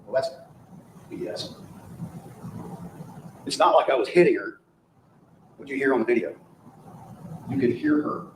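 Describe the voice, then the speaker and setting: A man's voice: medium pitch, big pitch swings, normal speed, long pauses. A man delivering a courtroom closing argument as prosecutor, emphatic and rhetorical, often repeating phrases for effect. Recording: echoey courtroom audio with faint noise.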